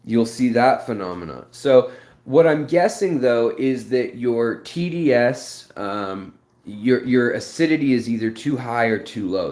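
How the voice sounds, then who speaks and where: A man's voice: medium pitch, darkish tone. A man hosting a live stream, answering viewers in a rambling, explanatory way with many fillers. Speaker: aquarium channel host.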